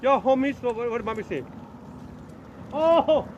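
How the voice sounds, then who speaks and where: A playful, trash-talking father jokes his way through a fishing trip by a creek. His banter is loose and teasing, and he laughs often. The sound is a phone video taken outdoors with a steady hiss of background noise. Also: high voice, normal speed, muffled recording. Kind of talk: casual joking banter.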